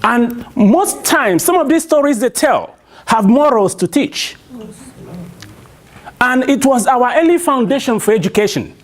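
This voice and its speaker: A man's voice: very high voice, expressive, unhurried. A man with a Nigerian accent telling a traditional story to a live audience, prompting them with call-and-response questions.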